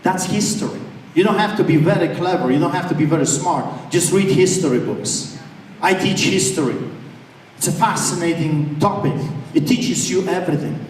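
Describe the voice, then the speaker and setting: A man's voice: a little high, animated, normal speed, slight background noise. A man preaching an impassioned sermon as a pastor, fiery and defiant with mocking asides. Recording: echoey hall, far from the mic, faint ambience.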